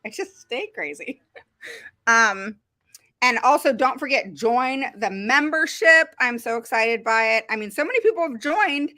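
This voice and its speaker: A blunt woman advocate talks straight to her audience, her pitch rising and falling as she makes her points. Her voice is bright and forceful, recorded close and dry. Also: a little slow, dry recording. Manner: blunt and animated, pitch swinging up and down. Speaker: special education advocate. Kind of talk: casual direct-to-camera talk.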